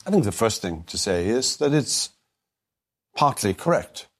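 A Bible teacher gives a recorded Bible lecture in a fairly low, very animated voice. He speaks deliberately and emphatically, slowing down to stress key phrases.

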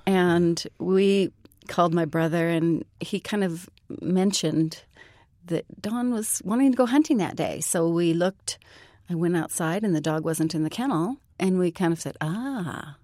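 A woman's voice: lowish voice, measured pace, mellow, no room sound, clean studio sound. A middle-aged woman recounting a past event step by step as an interview guest. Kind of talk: storytelling in an interview.

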